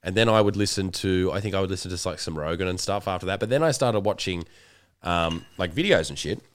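A man hosts a podcast in loose, joking banter full of swearing. His voice sits on the low side and his talk is relaxed and casual. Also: fast talker, slight background noise. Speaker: podcast host. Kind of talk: casual chat.

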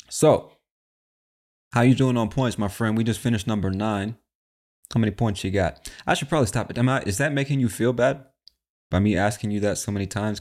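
A man's voice: on the low side, darkish tone. A man hosting an English-learning show, chatting casually and talking directly to the listener as "my friend.". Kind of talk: casual podcast talk.

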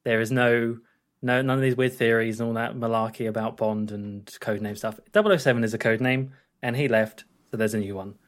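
A man co-hosting a casual film podcast, who gives animated, emphatic opinions with many fillers. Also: medium pitch, brisk. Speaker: podcast co-host.

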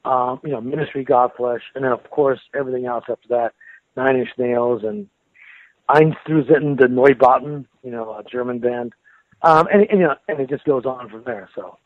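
A man's voice: medium pitch, normal speed, no echo. Man on a tinny phone line. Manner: relaxed, rambling, with restarts and soft laughs. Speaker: guitarist of a metal band, interview guest. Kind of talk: casual interview.

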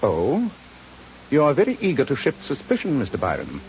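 An actor playing a shrewd, coolly sardonic male detective in a 1940s radio drama, speaking crisply. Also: medium pitch, huge pitch swings, normal speed. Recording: dull old radio recording with hiss.

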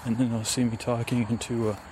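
A man's voice: medium pitch, flat delivery, a little fast. A man narrating casually while walking a wooded trail near a road, musing and rambling into a handheld recorder. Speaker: vlogger. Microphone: handheld recorder with fuzzy windscreen. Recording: faint outdoor traffic ambience.

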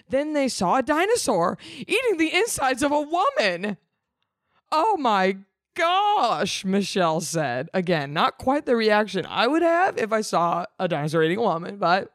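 A woman's voice: medium pitch, no echo, studio quality. A young woman reading a story aloud and breaking off for wry, sarcastic, teasing comments. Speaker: reader.

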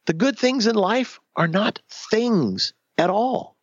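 A man in his fifties telling his own story in a candid interview, animated, acting out the voices of the people he quotes, often restarting sentences. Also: high-pitched, takes it slowly, breathy edge, dry recording, dull audio. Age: 50s.

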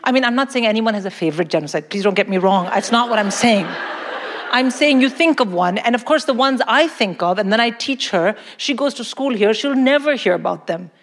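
A woman's voice: a little high, animated, a little fast, a little hiss or hum. A middle-aged woman from India, doing blunt, profane, mock-outraged stand-up comedy on a live stage. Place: live venue stage in London. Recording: live hall reverb.

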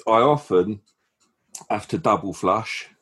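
A man's voice: lowish voice, takes it slowly, fairly bright tone, breathy edge. An English man co-hosting a podcast who talks in a jokey way, often stammering and restarting. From England. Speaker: podcast co-host. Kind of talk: casual chat.

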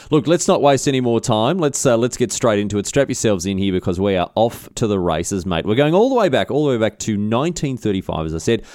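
An Australian man hosts a podcast in a loose, rambling monologue full of cheeky asides and mock rants. His voice sits fairly low but swings widely in pitch. The sound is close and dry. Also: darkish tone, dry recording. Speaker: podcast host. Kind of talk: casual storytelling monologue.

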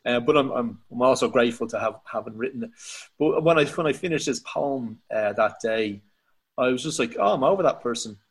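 A man with an Irish accent, a poet talking casually as a podcast guest, reflective and halting with many restarts. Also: mid-range voice, husky, low-quality recording. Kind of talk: casual conversation.

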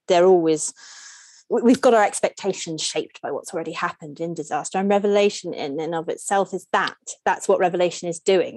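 A woman guest on a podcast with a lowish voice, explaining her field at length. She is animated and jumps high in pitch when amused. The sound is dry and close. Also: no room sound. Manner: asks strings of rhetorical questions. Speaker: guest scholar. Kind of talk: podcast interview.

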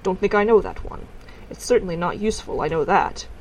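A woman voicing a patronizing male teacher who talks down to a child, slow and drawn out. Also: medium pitch, a little mellow, slight background noise, lightly acted, poor audio.

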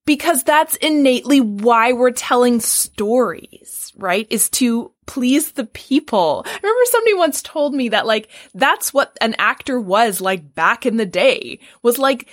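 A woman's voice: a little high, expressive, unhurried, hardly any pauses. A woman hosting a podcast, chatting casually and filling her talk with "like" and "right?". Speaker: podcast host. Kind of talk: casual interview chat.

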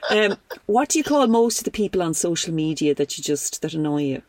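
A woman's voice: fairly low pitch, sing-song, darkish tone, no echo. A middle-aged Irish woman hosting a podcast, chatting casually on a call, playful and teasing. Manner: playful, teasing, quick to laugh. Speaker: podcast host. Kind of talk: casual phone chat.

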